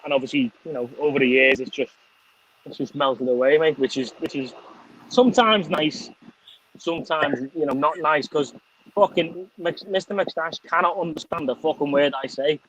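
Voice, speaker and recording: A middle-aged man with a softened Liverpool accent chatting on a live stream, sweary and chummy, calling everyone mate. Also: on the high side, moderate pace, a little hiss or hum, rough recording. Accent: Liverpool, softened by Scottish. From England, Liverpool. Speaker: motorcycle vlogger hosting a live stream. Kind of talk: casual live-stream chat.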